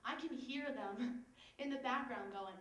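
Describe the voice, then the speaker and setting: Young female stand-up comic, high, sarcastic and animated, distant roomy mic with a loud audience. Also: measured pace. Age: young adult. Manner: animated, sarcastic, laughs often. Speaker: stand-up comedian. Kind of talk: stand-up storytelling. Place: live comedy stage.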